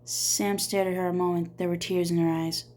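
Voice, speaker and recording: Audiobook reader: a woman reading a novel aloud, steady storytelling. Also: on the low side, moderate pace.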